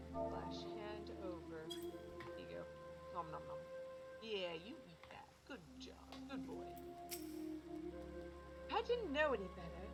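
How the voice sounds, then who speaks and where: A young woman streaming a game, giving casual commentary with playful, self-mocking asides. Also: medium pitch.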